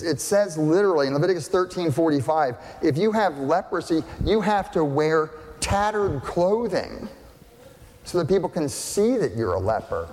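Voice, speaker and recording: A man's voice: on the high side, a little mellow, in a large hall, a little hiss or hum. A male pastor preaching a sermon in a conversational, emphatic way, asking rhetorical questions.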